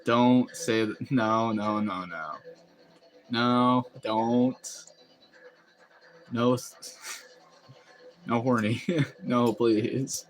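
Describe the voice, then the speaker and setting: A man hosts a casual live stream, talking in a loose, rambling way and laughing often as he answers viewers. His voice sits at an ordinary pitch for a man. Faint music plays quietly behind him. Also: steady tone, extremely slow, pauses often. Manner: rambling, chatty, laughs often while reading chat. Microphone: phone.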